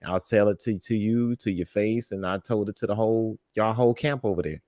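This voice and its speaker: Man, casual heated chat, animated outbursts, dry close sound. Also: fairly low pitch, brisk, dry recording. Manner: animated, swings into loud outbursts when quoting. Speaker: podcast co-host.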